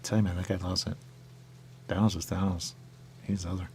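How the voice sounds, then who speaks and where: A man's voice: sits low, flat delivery, fairly quick, mellow, a little hiss or hum. A man hosting a radio show, rambling and musing aloud in casual chat.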